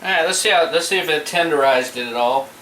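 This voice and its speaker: This fast-talking man has a sharp tone and a voice on the high side, bantering with viewers as he grills outside. Middle-aged and from the Gulf Coast, he's a home cook vlogger keeping things laid-back and chatty in a casual cooking video. Recorded from a distance, the sound is roomy with faint noise.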